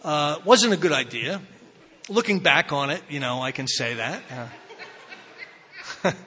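A man's voice: on the high side, animated, measured pace, sharp tone, husky. A man telling his recovery story to a live audience in a rambling, self-mocking way, full of fillers and restarts. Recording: reverberant hall.

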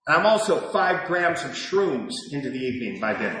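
A man in his sixties sharing his personal story with a live audience at a recovery meeting, animated and swinging between loud and hushed. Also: fairly high pitch, a little fast. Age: 60s. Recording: echoey hall recording.

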